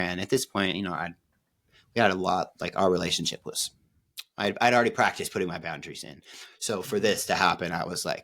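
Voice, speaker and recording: A man's voice: deep voice, brisk, gravelly, pushed and bright. A man from Oregon co-hosting a podcast, telling a personal story in a rambling, profane way with many fillers and restarts. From Oregon, USA. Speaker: podcast co-host.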